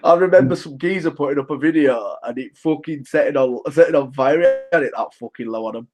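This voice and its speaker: A man's voice: a little high, brisk, a little mellow, soft background music. A man co-hosting a casual podcast chat, rambling and swearing heavily. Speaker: podcast co-host.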